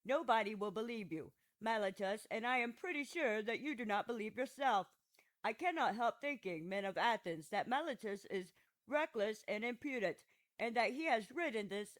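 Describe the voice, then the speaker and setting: A woman's voice: on the high side, natural voice, poor audio. A woman narrating an audiobook voices an aging male philosopher who defends himself at trial with patient, ironic questions. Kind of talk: audiobook reading of a classic dialogue.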